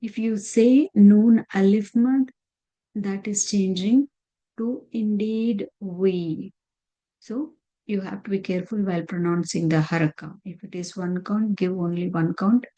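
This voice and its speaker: Slow, mellow-voiced woman teaching. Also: mid-range voice, steady tone, dull audio. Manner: patient, repeats terms and counts deliberately. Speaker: Quran recitation teacher. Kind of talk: slide-based lesson.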